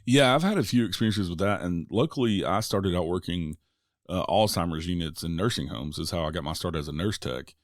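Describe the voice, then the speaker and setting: A man with a very low voice hosts a podcast, chatting in a relaxed way full of "like"s and "uh"s. His voice sits close to the mic in a dry, dead space. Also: a little fast, no room sound. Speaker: podcast host. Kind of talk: casual podcast conversation.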